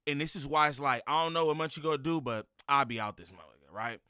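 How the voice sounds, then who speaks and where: A man giving a loud, profane reaction commentary, mocking and heckling as he talks. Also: a little high, quick pace, clean tone, dry recording, studio quality.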